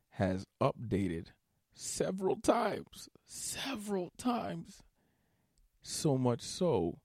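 Gravelly, slow-talking man ranting. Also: fairly low pitch, dark tone, no room sound, clean studio sound. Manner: exasperated, swears often, breaks into nervous laughter. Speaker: stand-up comedian and podcast host. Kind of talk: solo comedy podcast rant.

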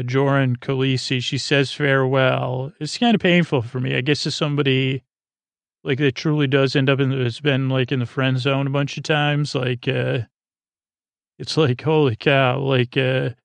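A man's voice: mid-range voice, flat delivery, moderate pace, vocal fry, dry recording. A man hosting a podcast, casually recapping an episode in a rambling way with lots of filler words. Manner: rambling, filler-heavy retelling. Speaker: podcast host.

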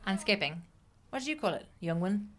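A woman's voice: medium pitch, animated, a little fast. A woman co-hosting a podcast, chatting playfully and jumping in with jokes and mock-dramatic warnings. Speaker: podcast co-host. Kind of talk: casual chat.

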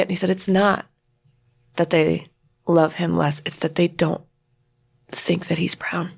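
Gravelly-voiced woman telling a personal story. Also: on the low side, fairly even intonation, a little slow, long pauses. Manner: candid, emotional retelling with quoted dialogue. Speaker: podcast guest.

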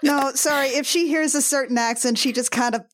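A woman playing a tabletop game with friends, casual and wry. Her voice is on the higher side, with dry asides. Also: fairly even intonation, brisk, a bit bright. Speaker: player.

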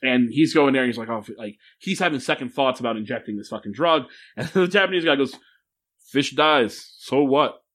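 A man's voice: mid-range voice, quick pace, few pauses. A man casually recapping a film on a podcast with a co-host, swearing often, laughing, and acting out lines from scenes. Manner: animated, profane, laughing, acts out lines from scenes. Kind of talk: casual profane chat.

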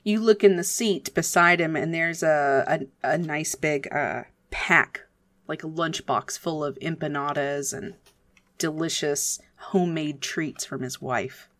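A woman narrating as game master of a tabletop game, relaxed, with filler words. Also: sits low, measured pace, no room sound. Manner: relaxed, with fillers, speeds up in asides.

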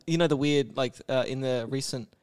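A man's voice: mid-range voice, fairly quick, smooth. A man co-hosting a podcast in casual, joking chat, swearing freely, laughing often and slipping into silly put-on voices. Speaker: podcast co-host.

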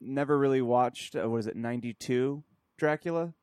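A man co-hosting a casual podcast, excitable and cursing often. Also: mid-range voice, a little fast, clean tone, no room sound, studio quality. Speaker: podcast co-host.

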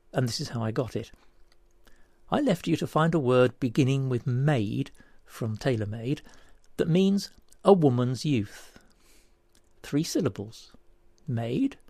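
A man walks listeners through a word puzzle in a lively, rising and falling voice with a gravelly edge. His tone is slightly husky, and he talks slowly and carefully through each clue. The sound is close and dry. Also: mid-range voice, no room sound. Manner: deliberate, spells out each step. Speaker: puzzle presenter. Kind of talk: scripted word puzzle presentation.

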